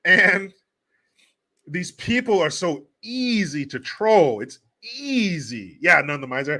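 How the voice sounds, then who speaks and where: A man's voice: high-pitched, very animated, takes it slowly, bright, forceful tone. A man hosting a comedic political commentary show, talking in a crude, sarcastic way and laughing often. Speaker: host.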